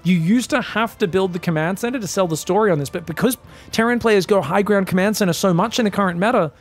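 A man casting a live esports match, excitable and joking, shouting out at big plays. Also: high voice, fast talker, no echo. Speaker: esports caster. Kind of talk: live game commentary.

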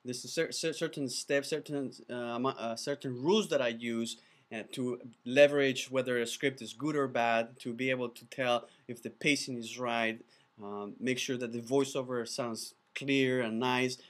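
A man who is not a native English speaker, pitching his video course in an enthusiastic, chatty way, often restarting his words. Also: fairly even intonation, moderate pace. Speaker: animated video producer teaching a course. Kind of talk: casual course pitch to camera.

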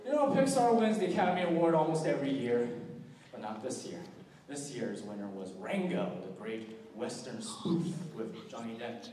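A teenage boy from California giving jokey, lively stage patter at a high school talent show, heard from far off in a hall. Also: moderate pace, noisy background. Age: teens. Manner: jokey, lively emcee delivery. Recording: echoey hall from far off with crowd.

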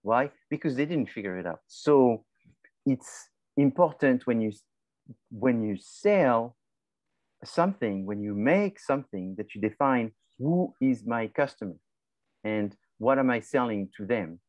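A man's voice: medium pitch, expressive, a little slow, darkish tone, no room sound. Conversational male professor lecturing. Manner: conversational, repeats and restarts phrases, asks and answers his own questions. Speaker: marketing professor. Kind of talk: classroom lecture.

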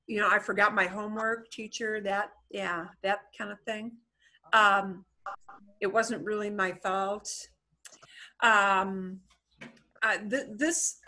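Bright, husky-voiced woman teaching. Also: medium pitch. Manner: chatty, explanatory, with fillers. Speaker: Spanish teacher. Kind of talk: online class lesson.

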